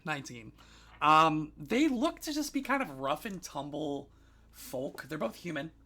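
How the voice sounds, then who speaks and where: A man's voice: fairly high pitch, sing-song, a little slow, bright, forceful tone. A man running a tabletop game as game master, narrating casually with many fillers.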